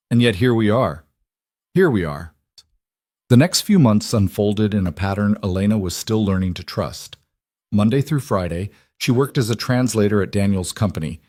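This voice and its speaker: A man narrates a scripted romance story in a low, measured voice. The sound is dry and close to the mic, and he reads it steadily. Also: a little mellow, no room sound.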